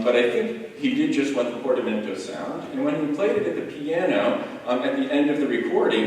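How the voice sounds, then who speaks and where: A man's voice: medium pitch, darkish tone. A man on a music panel explaining an edition in a thoughtful lecture style, with many ums and restarts. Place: large echoey hall. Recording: echoey hall recording from far off.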